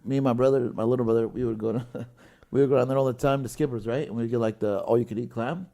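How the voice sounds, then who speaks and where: A man's voice: mid-range voice, fairly even intonation, fast, vocal fry, mellow. Rambling man telling a wild story. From Washington State, US. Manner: rambling, swears a lot, laughs mid-story. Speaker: podcast host. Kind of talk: casual storytelling chat. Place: podcast studio with guests.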